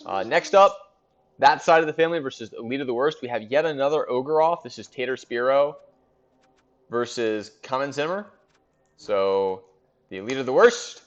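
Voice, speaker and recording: A man's voice: medium pitch, highs cut off. A man hosting a casual recap of a league in a fantasy sports board game, chatting and thinking aloud with fillers.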